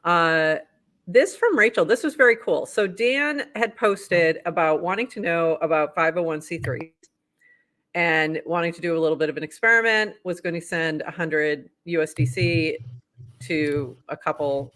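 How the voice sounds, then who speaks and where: A man with a Boston accent co-hosting a live show, briskly reading posts aloud and commenting on them. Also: fairly high pitch, bright, forceful tone. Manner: brisk, upbeat, reads posts then comments. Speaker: co-host.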